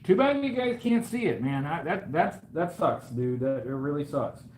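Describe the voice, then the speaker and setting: A man's voice: on the high side, animated, moderate pace, a little mellow, poor audio. A man with a slightly raised voice chats casually on a live stream while sketching, spinning mock-grand boasts about his own work. His talk rambles, full of uhs and restarts, with faint noise running under the recording. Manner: jokey mock-grandiose bragging, rambling with many fillers. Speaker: toy review channel host.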